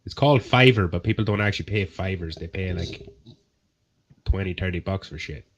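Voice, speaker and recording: A man's voice: low-pitched, fairly quick, dull audio, slight background noise. A man with an Irish accent chatting casually on a livestream panel, swearing freely and rambling. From Ireland. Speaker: panel guest.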